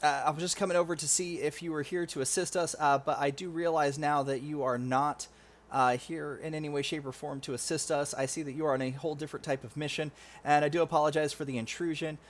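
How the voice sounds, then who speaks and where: Man voicing flustered stammering sergeant, higher and louder than his own voice. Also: fairly even intonation, fast talker, lightly acted. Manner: stammering, apologetic. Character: nervous stammering male low-rank sergeant.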